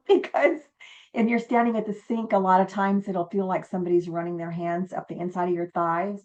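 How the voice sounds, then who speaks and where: A woman's voice: mid-range voice, normal speed, lo-fi sound. A woman who owns a haunted inn, telling stories in a casual interview and acting out the quotes. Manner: animated storyteller, acts out quotes. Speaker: haunted inn owner and guest.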